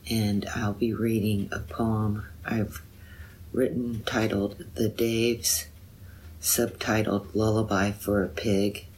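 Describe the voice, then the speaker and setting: A woman reading her own poem aloud in a measured, deliberate way. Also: very deep voice, slight background noise. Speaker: poet. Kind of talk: poetry reading.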